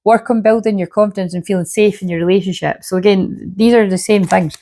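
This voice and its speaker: A woman's voice: mid-range voice, steady tone, a little fast, mellow. A woman, a shamanic healer, rambling casually to camera at home with a sore throat, swearing freely and saying "you know what I mean" a lot. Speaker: shamanic healer and spiritual reader. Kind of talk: casual spiritual reading monologue to camera.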